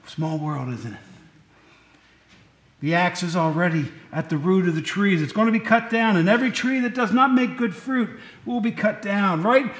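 A man's voice: high voice, normal speed, fairly bright tone, roomy sound. A man preaching a conversational sermon, folksy and digressive, often correcting himself mid-sentence, in a church.

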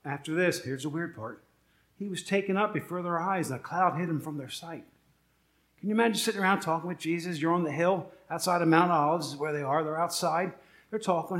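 High-voiced middle-aged male preacher. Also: brisk, fairly bright tone, roomy sound. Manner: conversational, rhetorical questions, joking asides. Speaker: pastor. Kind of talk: sermon.

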